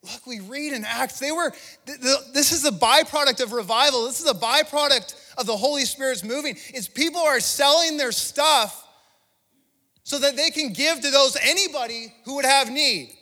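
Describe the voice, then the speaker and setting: A man's voice: extremely high pitch, normal speed, pushed and bright, in a large hall. A male pastor giving an impassioned, conversational sermon, restarting phrases as he preaches in a church. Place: church sanctuary.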